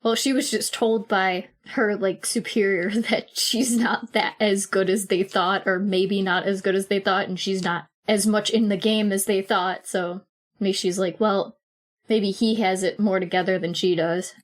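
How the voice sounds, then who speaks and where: A woman's voice: mid-range voice, fairly even intonation, unhurried. Woman casually playing a tabletop game. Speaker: player.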